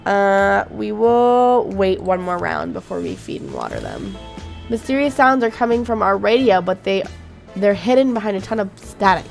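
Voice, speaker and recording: Gaming youtuber woman, gravelly fry voice, chatty, curses a lot, quiet game music behind. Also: medium pitch, very animated, moderate pace. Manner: chatty and reactive, swears freely, laughs often. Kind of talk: casual game commentary, reading game text aloud.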